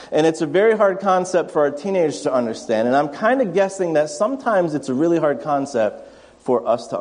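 Male pastor, conversational sermon, higher voice, long church-hall reverb. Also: darkish tone. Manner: conversational, acts out family anecdotes. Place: church sanctuary.

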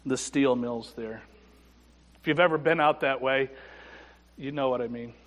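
A man preaching a sermon as a pastor, telling a personal story with dry humor and soft, reflective passages. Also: medium pitch, unhurried. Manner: personal storytelling with self-deprecating humor and hushed reflective moments. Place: church sanctuary. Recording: church sanctuary with long reverb.

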